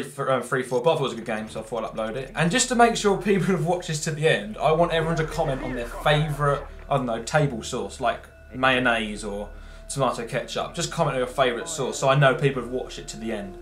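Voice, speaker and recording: There's slight background noise as a young man from England, mid-range in pitch and a bit bright, talks over his own gameplay. His English-accented commentary is casual, chatty, rambling, and self-deprecating.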